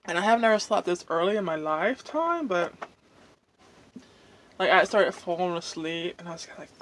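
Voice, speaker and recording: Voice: medium pitch, expressive, a bit bright, slight background noise. A vlogger, chatting casually while eating at home, venting in a rambling way full of fillers. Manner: rambling, drawn-out, many fillers. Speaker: mukbang vlogger.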